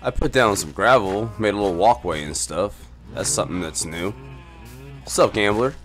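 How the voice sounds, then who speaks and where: A man giving loud, profane commentary while playing a block-building game, yelping when something startles him. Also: fairly low pitch, moderate pace, soft background music. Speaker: gaming YouTuber. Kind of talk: Minecraft let's play commentary.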